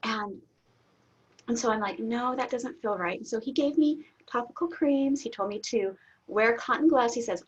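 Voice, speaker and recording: A middle-aged woman, a guest in an interview, telling a personal story candidly, laughing often and getting suddenly loud. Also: a little high, normal speed, husky. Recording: dull lo-fi audio.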